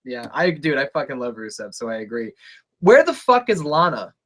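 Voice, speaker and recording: A man co-hosting a casual wrestling podcast, relaxed and profane, laughing easily. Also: medium pitch, normal speed. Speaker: podcast co-host.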